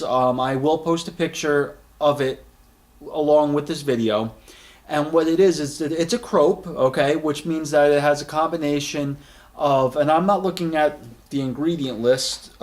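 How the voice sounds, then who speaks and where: A man in his late thirties giving a casual spoken product review, rambling, with many fillers and repeated words, friendly and enthusiastic. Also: on the high side. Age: 30s.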